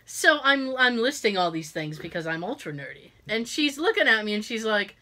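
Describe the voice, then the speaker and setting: A woman co-hosting a podcast, telling an animated story in casual chat and acting out the quotes. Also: fairly high pitch, normal speed. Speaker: podcast co-host.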